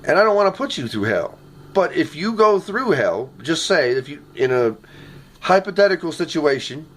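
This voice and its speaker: A man's voice: on the high side, big pitch swings, moderate pace. Earnest man rambling into his phone. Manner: earnest, repeats "okay?" often. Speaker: vlogger recording a message. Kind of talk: rambling personal video message. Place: his apartment. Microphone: phone camera.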